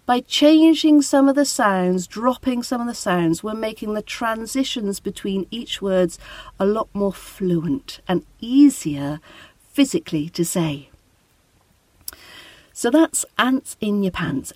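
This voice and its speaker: A British woman with an RP accent leads a pronunciation lesson, carefully modeling each phrase at an unhurried pace so listeners can repeat after her. Her voice sits in a middle register and is recorded dry and close, with no room sound. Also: mid-range voice, animated, a little mellow, no echo. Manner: clear, slow modeling of phrases for repetition. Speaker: English pronunciation teacher.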